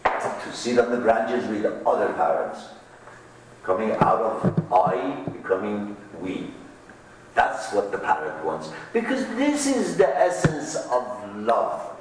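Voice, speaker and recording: Slow, lively-voiced man lecturing in an echoey room. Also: lowish voice, distant mic, noisy background. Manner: slow, thoughtful, with many pauses and questions to the class. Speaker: teacher of Rumi's poetry. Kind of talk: lecture to a class.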